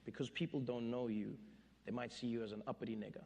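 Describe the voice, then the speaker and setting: A man doing a calm, cautioning comedian friend. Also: gravelly, long reverb tail, slight background noise, lightly acted. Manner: low, measured, cautioning. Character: calm male comedian friend giving advice.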